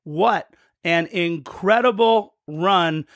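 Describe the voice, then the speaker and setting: A man's voice: high voice, slow, fairly bright tone, no room sound, studio quality. A man co-hosting a podcast, chatting through a match recap in a storytelling, play-by-play way. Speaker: podcast co-host.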